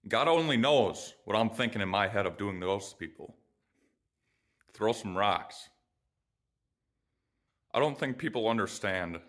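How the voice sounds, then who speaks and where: A man's voice: fairly low pitch, fairly bright tone. A young man vlogging about his own life, blunt and profane, moving between joking and frustrated ranting. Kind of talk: casual personal vlog.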